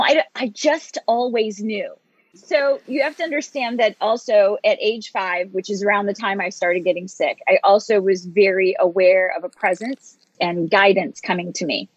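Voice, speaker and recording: A woman from Michigan, a guest and motivational speaker, telling her life story in an open, animated way and laughing often. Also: mid-range voice, slightly rough, dry recording. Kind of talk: conversational interview storytelling. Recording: dull lo-fi sound.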